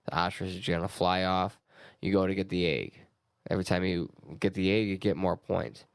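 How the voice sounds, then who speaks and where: A podcast co-host with a low, gravelly voice, walking through a game in casual chat. He leans on fillers and tosses in crude jokes. The room sound is dry. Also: fairly quick, no echo.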